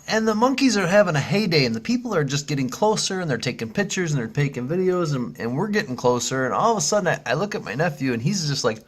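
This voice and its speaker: A man's voice: on the high side, big pitch swings, fast, husky. A man hosting a casual vlog, talking in a rambling, upbeat way with lots of fillers and restarts, and telling a funny story. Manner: acts out screeching monkey sounds when telling a story. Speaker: vlog host.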